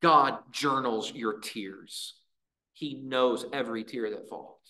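A man preaching a sermon in a church, earnest, with dramatic pauses and voiced prayers. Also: mid-range voice, bright, forceful tone. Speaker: pastor.

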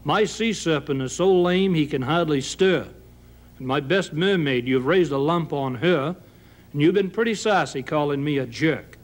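A man's voice: fairly high pitch, moderate pace, natural voice. A man voicing the angry, muttering old man of the sea. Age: older.

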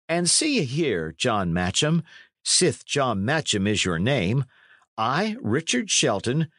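A man's voice: mid-range voice, a bit bright, dry recording, clean studio sound, pitched above the performer's own voice. A man reading an audiobook, voicing a bold and good-hearted young squire with hearty, old-fashioned speech.

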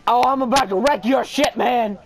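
Very high-pitched man yelling curses. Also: normal speed, a little hiss or hum. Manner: loud, profane, yelling outbursts. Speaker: gamer playing online with a friend. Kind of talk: casual gameplay chat. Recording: loud game sound behind the voice.

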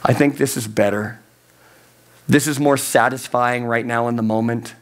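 A man's voice: mid-range voice, fairly even intonation, moderate pace, voice pushed down, natural voice. A man voicing a stubborn person who refuses to let go, talking in a reluctant, self-justifying way.

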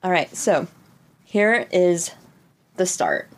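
Give me a low-voiced, giggly woman podcast co-host. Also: very animated, slow pace. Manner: giggly, swears freely. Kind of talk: casual podcast chat, reading passages aloud.

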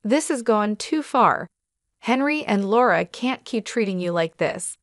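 A woman's voice: mid-range voice, animated, a little slow, no room sound, studio quality. A woman voicing a loyal woman friend who speaks firmly and with determination, in an audio story. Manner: firm and determined. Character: firm, loyal woman friend, scheming and mischievous.

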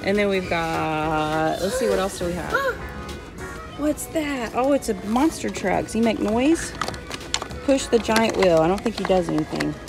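A mother hosting a casual shopping vlog who gushes excitedly and coaxes her small child with questions inside a large store. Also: mid-range voice, unhurried, vocal fry, music in the background. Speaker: mother and channel host.

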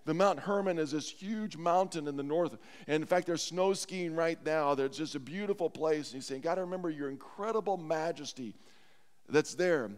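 A man preaching a sermon as pastor, earnest and slowing down to stress scripture lines. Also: a little high, clear, resonant tone, long reverb tail. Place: church sanctuary.

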